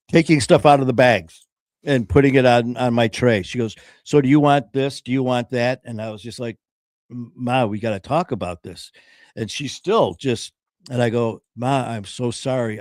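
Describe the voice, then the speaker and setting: An earnest man tells his own story in casual conversation, halting often, pausing with "um" and restarting. His mid-range voice has a darkish tone, captured close and dry with no room sound. He voices the people he quotes in his own voice.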